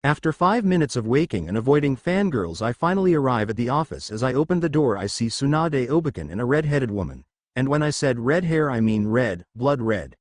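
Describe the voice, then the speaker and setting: A man narrating a fan fiction story in first person, with expressive delivery. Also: mid-range voice, brisk, no room sound, clean studio sound.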